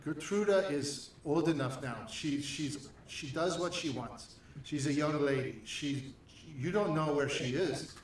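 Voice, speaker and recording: A man voicing a weary young noble man who speaks low and matter-of-factly. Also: unhurried, a little hiss or hum, natural voice. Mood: resigned. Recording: echoey room, distant mic.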